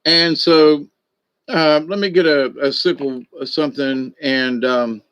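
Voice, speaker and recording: A man's voice: fairly high pitch, fairly even intonation, slow pace, a bit bright, smooth. A man casually telling an animal story and reading oracle cards, rambling with many fillers and restarts. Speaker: card reader.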